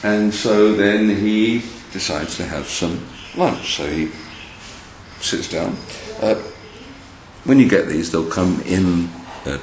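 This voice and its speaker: A man with a deep voice tells a children's story and demonstrates felt figures in a chatty, animated way, often speaking to the kids. His pitch rises and falls a lot. The recording has a roomy echo and a faint background hiss. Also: slow pace.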